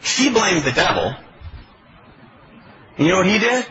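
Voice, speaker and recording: A man's voice: high-pitched, sing-song, a little slow, long pauses, noisy background. Man preaching an emphatic sermon, lo-fi. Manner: pleading, emphatic preaching with rhetorical questions. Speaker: pastor. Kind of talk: expository sermon.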